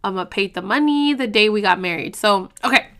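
Young woman, podcast host, bright edge to the voice, loose and profane storyteller. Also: medium pitch, lively intonation, brisk. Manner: profane, blunt, chatty. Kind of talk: casual storytelling.

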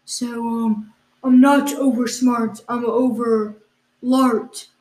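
A woman's voice: fairly high pitch, fairly even intonation, takes it slowly, a little mellow. A woman co-hosting a comedy podcast, questioning her partner in mock exasperation, with plenty of fillers. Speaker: podcast co-host. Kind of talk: improvised comedy banter. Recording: echoey room.

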